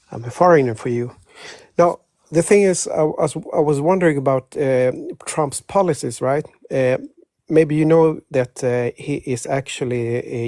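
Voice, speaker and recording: A man calling in to a political talk show who speaks hesitantly, halting often with fillers. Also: medium pitch, dark tone, no room sound. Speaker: caller. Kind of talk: call-in discussion.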